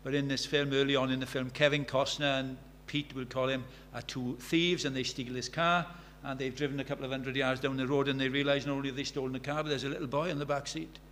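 A man in his sixties preaches fast, with few pauses and a flat delivery, in a fairly bright medium-pitched voice. He is earnest, tells stories, and builds to fervent emphasis; a faint hum sits under the audio.

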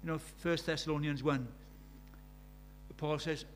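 A man's voice: a little high, steady tone, measured pace, slight background noise. A British man preaching a sermon, telling stories with emphasis and repeating key phrases.

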